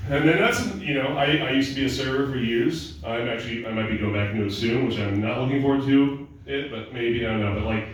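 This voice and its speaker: A male stand-up comedian ranting in a profane, deadpan way at a live show, sometimes mocking other people's voices. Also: medium pitch, fast talker, hardly any pauses, distant mic. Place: small club with audience laughter. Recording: very echoey room, voice off-mic.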